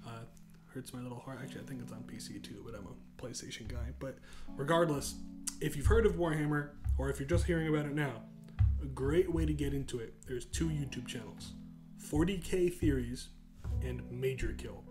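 A young American man co-hosting a podcast, talking casually in a rambling, relaxed way with his girlfriend. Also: medium pitch, a little fast, music in the background. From United States. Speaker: podcast co-host. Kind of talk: casual chat.

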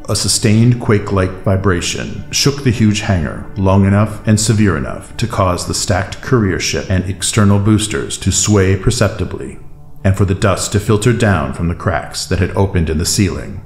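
A male audiobook narrator with a very deep voice, reading in a measured, steady way. His voice sits in a roomy echo, and faint music plays underneath.

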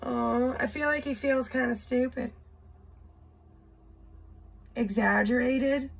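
A woman's voice: high-pitched, takes it slowly, vocal fry, long pauses, slightly rough. A woman doing a casual tarot reading, reading card words aloud in short bursts, blunt and swearing now and then. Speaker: tarot reader.

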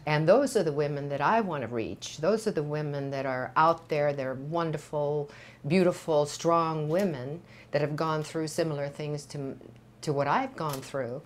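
An older woman from Sweden with a Swedish accent, a Swedish native speaking English as an actress guest in a candid studio interview, talking in a reflective, unhurried way with frequent pauses and fillers. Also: sits low.

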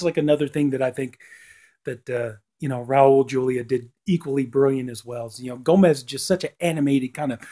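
A man talking through a TV episode in a casual, rambling way. He fills his speech with "you know" and restarts, and his tone is mellow and warm. His pitch sits in an ordinary middle range. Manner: acts out lines with a lifted voice. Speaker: TV episode reviewer. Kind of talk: casual spoken review.

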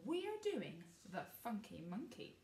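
A woman's voice: fairly high pitch, wildly swooping pitch, slow, darkish tone, echoey room, recorded from a distance, exaggerated voice. A woman voicing a kind, cheerful youngest brother in a storybook reading. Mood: eager.

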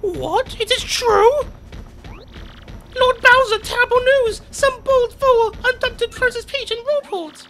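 Kammy Koopa, as a man puts her on: prim shrill old witch. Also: measured pace, background noise. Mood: alarmed. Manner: prim, overly polite and proper. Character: fawning old female witch servant.

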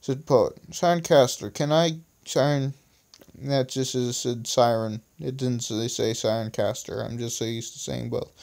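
A man's voice: mid-range voice, fairly even intonation, a little slow, creaky, darkish tone. A man casually reading his own story aloud, stumbling over typos and commenting on his own text, recorded on a phone. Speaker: amateur reader of his own stories.

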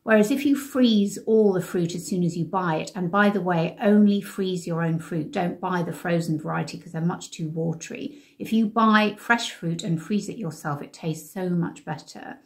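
A woman's voice: lowish voice, moderate pace, hardly any pauses. A woman, sharing diet tips in a chatty, emphatic way as a lifestyle vlogger. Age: 60s. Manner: warm, conversational, emphatic.

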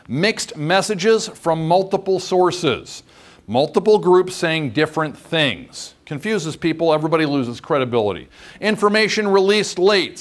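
Lively-voiced male training instructor. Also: on the high side. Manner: chatty, demonstrative, asks "okay?" often. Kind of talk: training course lecture.

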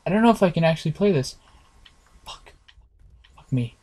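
A man's voice: fairly high pitch, animated, moderate pace, a little mellow. A man giving nervous, jumpy commentary while playing a horror game, talking to his viewers and swearing often. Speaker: gameplay streamer.

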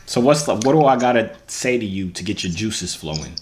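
A man's voice: on the low side, animated, brisk. Teasing man hosting video chats. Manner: teasing, slangy banter. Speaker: host. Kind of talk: casual chat.

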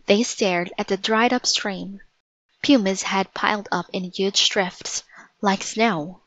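A woman narrating a storybook in a measured, vivid read-aloud manner. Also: mid-range voice, fairly bright tone, no echo, dull audio.

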